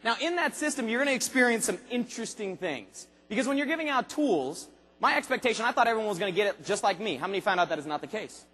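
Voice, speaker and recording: A man giving an energetic convention speech, firing punchy questions at the audience and sometimes bursting into shouts. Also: high-pitched, breathy edge. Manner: rapid-fire questions to the audience, punchy and emphatic. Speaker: motivational speaker at a sales convention. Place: large convention hall. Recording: long hall reverb.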